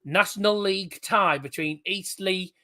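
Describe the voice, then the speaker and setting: Male streamer, fairly high and bright, chatty live draw commentary. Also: a little slow. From England. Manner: chatty, reads out fixtures and answers live chat.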